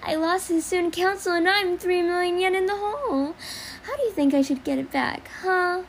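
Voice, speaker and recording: A high, scratchy anime catgirl with a gambling habit, teasing and sing-song, as a young woman puts her on. Her voice is gravelly in the high register, with a light hiss of room noise behind it. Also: moderate pace. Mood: mocking. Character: gambling-addicted catgirl, teen anime girl.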